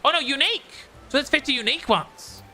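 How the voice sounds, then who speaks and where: A man's voice: very high-pitched, animated, fast talker, bright, forceful tone. An Australian man streaming a game, chatty and giggly, rambling as he plays. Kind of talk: casual gaming commentary. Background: game music.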